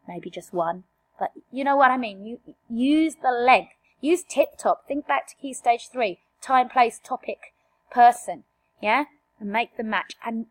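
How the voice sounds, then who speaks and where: A woman teaching an exam revision lesson, direct and emphatic, firing rhetorical questions at her students. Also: a little high.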